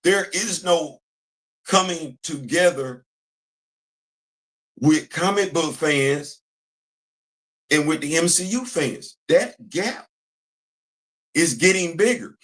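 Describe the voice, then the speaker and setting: A man hosting a commentary channel, talking in a casual, animated way, repeating phrases and answering himself with call-and-response. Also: on the high side, takes it slowly, pauses often.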